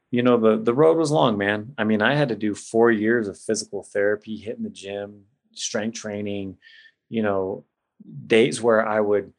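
A middle-aged man telling an emotional personal story in a casual, heartfelt way as a podcast guest. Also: on the low side. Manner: casual, emotional, says "man" and "bro" a lot.

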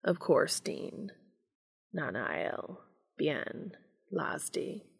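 A hushed, formal male creature speaks of devotion in a low, slow murmur, as a woman reading aloud puts him on. His tone is calm and possessive, with a gravelly rasp underneath. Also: dry recording, studio quality, full character voice. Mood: hushed, tender. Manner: soft, formal, murmuring near a whisper.

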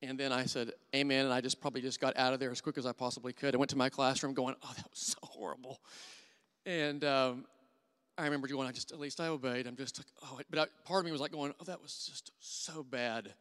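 Middle-aged male church elder, sermon storytelling, earnest, smooth clear voice, church hall reverb. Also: medium pitch, little pitch movement, fast talker. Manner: earnest storytelling, drops to hushed voice for quoted thoughts. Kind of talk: sermon with personal stories.

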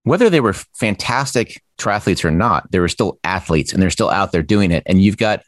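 A man's voice: deep voice, lively intonation, normal speed, no room sound, studio quality. A man talking casually as a podcast guest, reflective and storytelling. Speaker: podcast guest, former triathlon magazine editor. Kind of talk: casual conversation.

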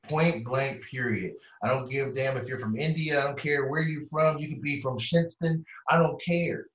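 In conversation, this therapist guest spins lively, slang-heavy anecdotes at normal speed, jumping into high-pitched voices to imitate those he quotes. His mid-range voice comes across far from the mic, echoey and a little dull.

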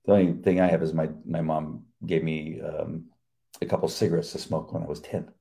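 A man's voice: very deep voice, flat delivery, fairly quick, gravelly, dark tone. A man co-hosting a Christian devotional chat with his wife, telling stories animatedly with stammering restarts. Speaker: co-host of a Christian devotional show.

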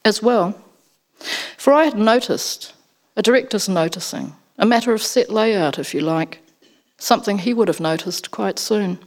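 A woman narrating a first-person story as an audiobook, in an expressive storytelling manner. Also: mid-range voice, moderate pace.

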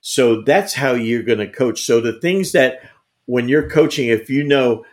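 A man's voice: medium pitch, a little slow. An older man, a veteran basketball coach, answering interview questions with emphatic anecdotes and frequent restarts. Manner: emphatic, repeats words, tells anecdotes. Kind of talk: conversational interview storytelling.

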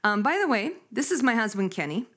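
Animated storytelling woman in her fifties. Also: on the high side, fairly quick. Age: 50s. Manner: animated, laughing, acts out quotes. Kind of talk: casual storytelling chat.

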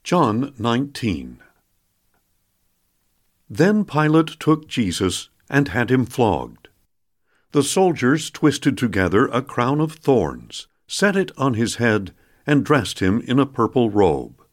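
Slow, solemn male scripture reader. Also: medium pitch, sing-song. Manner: measured, solemn reading. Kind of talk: scripture reading.

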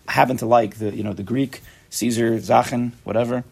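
A man's voice: mid-range voice, fairly even intonation, fairly quick, creaky, a little mellow, slightly rough. A man giving a casual, chatty Torah class, joking and mixing Hebrew and Yiddish terms into his talk.

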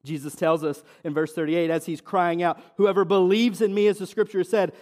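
A man preaching as a pastor, in earnest and restarting often, slowing down and dropping soft on quoted verses. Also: high voice. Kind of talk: sermon. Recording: long reverb of a church hall.

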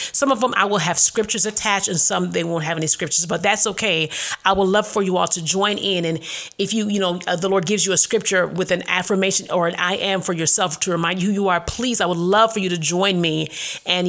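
Woman doing a faith podcast, earnest, slow steady affirmations, mid voice. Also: medium pitch. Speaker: podcast host. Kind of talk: devotional podcast with spoken affirmations.

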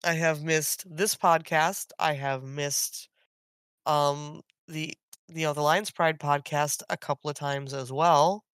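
A woman in her thirties co-hosting a casual gaming podcast, hoarse from being sick and talking in an animated way, laughing and wandering off topic. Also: low voice, takes it slowly, no room sound. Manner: animated, laughs often, jumps between topics. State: hoarse from illness. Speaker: podcast co-host. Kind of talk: casual chat.

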